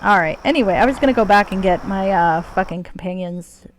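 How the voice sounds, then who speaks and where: A woman commenting on her game as she streams. Her speaking voice is pitched mid-range and relaxed. She jokes playfully and swears freely. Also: brisk, slight background noise. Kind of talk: casual gameplay commentary.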